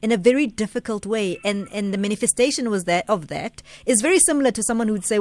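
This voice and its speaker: A woman hosting a radio phone-in, talking in a measured, reflective way. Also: medium pitch, animated, darkish tone, no room sound. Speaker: radio talk show host. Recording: dry studio mic.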